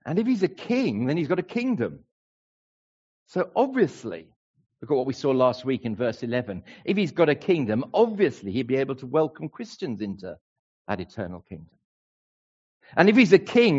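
A man's voice: a little high, a little mellow, muffled recording. A man preaching a sermon to a congregation, emphatic and playful. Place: church hall with a congregation.

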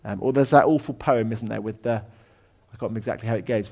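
Chatty preacher, conversational sermon. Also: male voice, on the low side, quick pace, vocal fry, few pauses. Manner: conversational, with many ums and asides, dropping to a hush at times. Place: lecture room.

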